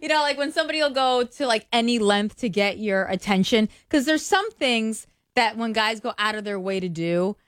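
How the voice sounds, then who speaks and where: A woman's voice: a little high, expressive, moderate pace, few pauses, a bit bright, smooth, dry recording. Woman radio host chatting and teasing, dry studio sound. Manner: chatty, teasing, laughs often. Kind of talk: casual morning radio chat.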